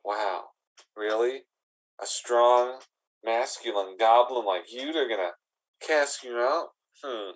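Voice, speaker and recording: A man voicing a sultry female goblin lady who talks low, slow and teasing. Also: natural voice, rough recording.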